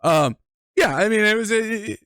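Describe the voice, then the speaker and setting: A man's voice: high voice, expressive, a little slow, a bit bright, no room sound, studio quality. A man co-hosting a casual movie review podcast, rambling and swearing as he picks apart plot holes. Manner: rambling, profane, restarts often. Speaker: podcast co-host.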